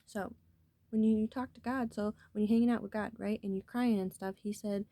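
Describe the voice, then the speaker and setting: A woman's voice: mid-range voice, steady tone, a little fast, warm tone, dry recording. A woman talking casually to her viewers in a rambling, earnest way, cursing freely as she shares spiritual thoughts. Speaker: vlogger.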